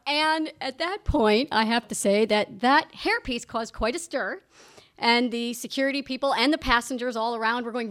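A woman's voice: fairly high pitch, normal speed, fairly bright tone. A woman telling her side of a funny story, amused and laughing as she tells it. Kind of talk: personal storytelling.

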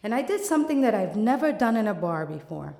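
A woman from the Bronx, telling an animated personal story and laughing often. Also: mid-range voice, quick pace, creaky. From the Bronx, New York. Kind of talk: storytelling monologue. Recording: echoey hall with long reverb.

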